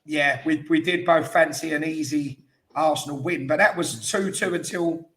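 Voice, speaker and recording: A man co-hosting a football podcast, easygoing and quick with a joke. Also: on the high side, fairly even intonation, a bit bright. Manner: easygoing, joking, fond of asides. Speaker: podcast co-host. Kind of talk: casual football chat.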